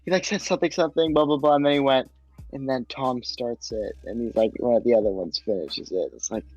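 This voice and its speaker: A man co-hosting a podcast, telling a story in relaxed, casual chat. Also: medium pitch, brisk, dull audio, faint music behind. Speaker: podcast co-host.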